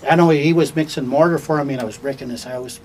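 An older Canadian storyteller speaking at a middle pitch in a relaxed, chatty way, pausing and restarting as he goes. He sounds like he is talking to a small group indoors, with a faint hiss under his voice. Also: low-quality recording. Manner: conversational, folksy, with fillers and restarts. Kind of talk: oral storytelling to a small audience. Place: indoors in a bookstore.

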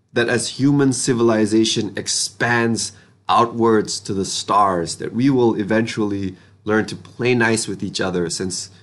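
Slangy young man reviewing a novel. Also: on the low side. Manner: casual, slangy, enthusiastic. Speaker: book reviewer. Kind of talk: casual book review vlog.

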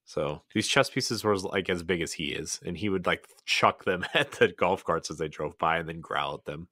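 A deep-voiced podcast co-host rambles through casual chat at a moderate pace, piling on "like"s and restarting sentences. His voice comes across pushed and bright, with clean studio sound and no room sound.

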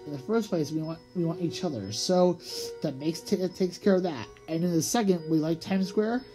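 A storybook reader voicing Harry, a calm, worldly young city cat who talks low, purring and drawn out. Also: normal speed, faint music behind, natural voice, low-quality recording. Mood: comforting.

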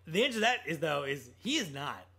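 Male podcast co-host, animated and sarcastic, high lively delivery. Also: brisk, vocal fry. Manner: animated, sarcastic, quotes movie lines; swears casually, lots of restarts. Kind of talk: casual film review chat.

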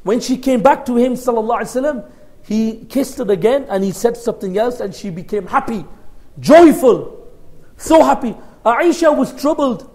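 A man preaching in English, telling a story with Arabic honorifics woven in, his voice dropping soft at tender moments. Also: extremely high pitch, lively intonation, moderate pace. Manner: storytelling with varying loudness, softening in tender moments. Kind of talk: sermon.

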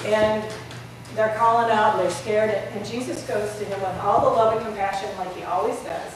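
A woman pastor delivering a sermon, retelling a story with lively questions to her listeners. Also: medium pitch, moderate pace, background noise. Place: large church sanctuary. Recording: roomy echo, voice from far off.

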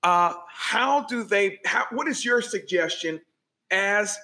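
A man's voice: high-pitched, lively intonation, slow pace, sharp tone. A man hosting a podcast interview, encouraging his guest and repeating phrases for emphasis. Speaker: podcast host.

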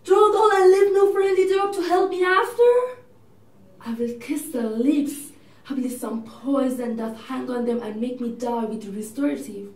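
Actress as a desperate young lover in anguish; slow, sobbing delivery, distant mic. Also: female voice, high-pitched, a little mellow. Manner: raised, sobbing and crying out. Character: young woman grieving her dead lover, desperate. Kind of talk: audition monologue. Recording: echoey room, mic from a distance.

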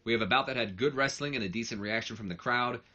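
A man's voice: mid-range voice, quick pace, sharp tone, highs cut off. A man giving casual commentary on a wrestling management game, rambling and correcting himself as he goes. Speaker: let's play narrator.

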